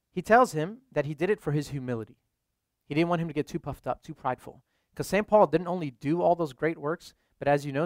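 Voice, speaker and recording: A man's voice: a little high, no echo, studio quality. Casual young male priest preaching. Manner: casual, many "like" fillers. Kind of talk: conversational sermon.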